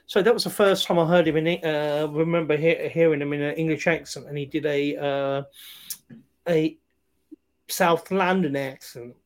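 A man talks casually about films over a remote call. His voice sits a little high for a man. He rambles and hesitates, full of fillers and restarts. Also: steady tone, normal speed.

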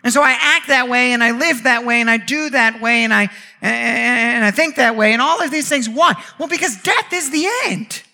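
A man preaching a sermon with impassioned delivery, piling up rhythmic repeated phrases and building up to shouts. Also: very high-pitched, normal speed, vocal fry.

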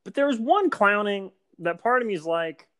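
A man's voice: high voice, lively intonation, normal speed, a crowd in the background. A man co-hosting a podcast, chatting casually and acting out scenes in mock voices. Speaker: podcast co-host. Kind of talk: casual chat.

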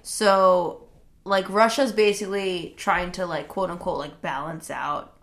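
A woman's voice: on the low side, steady tone, unhurried, a bit bright. A young adult woman co-hosting a casual political chat, speaking in a wry, sarcastic way and filling her sentences with "like". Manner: filler-heavy, lots of "like", wry and sarcastic. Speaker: podcast co-host.

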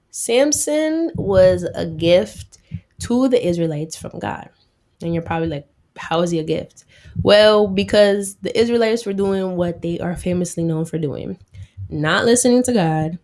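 A woman's voice: fairly low pitch, animated, a little slow, darkish tone. Chatty woman retelling Bible stories. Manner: chatty, slangy, lots of 'like'. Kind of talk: casual Bible storytelling sermon.

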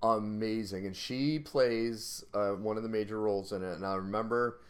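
A man's voice: lowish voice, moderate pace. A man co-hosting a podcast, chatting casually about films and reacting to his co-host. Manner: attentive listener, short reactions, relaxed. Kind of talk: casual movie review chat.

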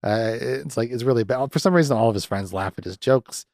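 A man's voice: medium pitch, a little fast, vocal fry, darkish tone, no echo, clean studio sound. Sardonic young man recapping a movie. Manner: sardonic, swears freely, frequent fillers. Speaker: podcast host reviewing a movie. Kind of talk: casual recap.

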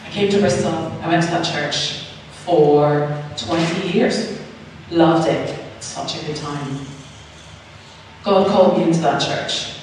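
A woman's voice: low voice, takes it slowly, long pauses, a little mellow, slight background noise. Chatty woman preaching in an echoey hall. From Northern Ireland. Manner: chatty storytelling, acts out quoted voices. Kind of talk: personal testimony in a sermon. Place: church hall. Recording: echoey hall, mic far off.

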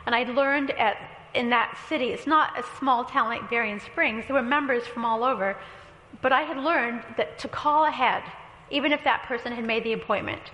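A woman's voice: fairly high pitch, normal speed, pushed and bright. A woman pastor preaching a sermon, telling a story with quoted dialogue and light humor. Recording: echoey hall with long reverb.

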